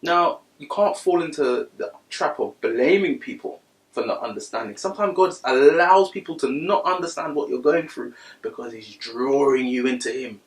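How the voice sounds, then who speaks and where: A man preaching a sermon, reading scripture quietly and then rising to loud, high-pitched bursts of passion. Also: normal speed, roomy sound, distant mic, low-quality recording.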